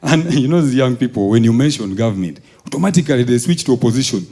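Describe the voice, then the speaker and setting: A man's voice: mid-range voice, quick pace. Ugandan man telling stand-up stories. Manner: animated storytelling, acting out characters, laughing. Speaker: stand-up comedian. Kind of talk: stand-up comedy set.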